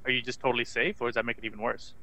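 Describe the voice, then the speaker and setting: A man who is a panelist in a casual gaming chat, teasing and quick to argue. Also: medium pitch, little pitch movement, sharp tone.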